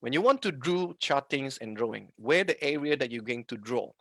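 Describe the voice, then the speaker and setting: A man's voice: mid-range voice, animated, fairly quick, fairly bright tone, dry recording. A man with a Malaysian English accent teaching a live online trading lesson, mixing in Malay and often checking in with his viewers. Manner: code-switching, asks the audience questions often. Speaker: trading instructor.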